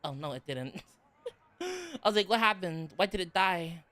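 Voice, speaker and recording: A man's voice: high-pitched, wildly swooping pitch, unhurried, bright, forceful tone, dry recording. A man chatting casually on a stream, bubbly and playful, rambling and giggling as he talks from his room at home. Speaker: VTuber streamer.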